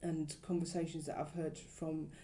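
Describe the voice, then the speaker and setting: A woman's voice: low-pitched, normal speed. A woman co-hosting a casual conversation, speaking in loose, trailing fragments and lifting her voice when she quotes people. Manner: talks in loose, trailing fragments, animated when quoting others.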